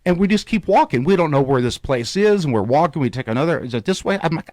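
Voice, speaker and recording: A man hosting a radio show tells a story with animation and acts out the voices of the people in it. His voice sits a little high for a man. The studio sound is dry and close. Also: animated, fast, a little mellow, no echo.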